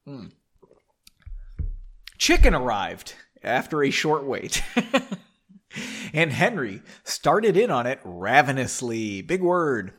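A man's voice: mid-range voice, sing-song, slow, long pauses, fairly bright tone. Playful man reading his own story. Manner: playful, chatty, self-mocking. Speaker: podcast host reading his own novel. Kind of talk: casual story reading with joking asides.

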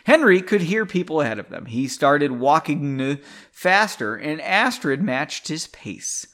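A man's voice: a little high, sing-song, unhurried, a bit bright. A man casually reading his own story aloud, breaking off for profane, self-mocking asides and rereading botched lines. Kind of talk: casual read-aloud with commentary.

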